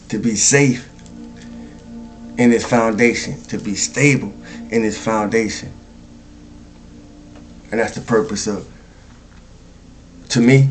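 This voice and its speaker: Preacherly man with repetitive cadence. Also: lowish voice. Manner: repetitive, preacherly, chuckles often, asks "you see?". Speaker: spiritual speaker. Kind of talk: spoken spiritual monologue.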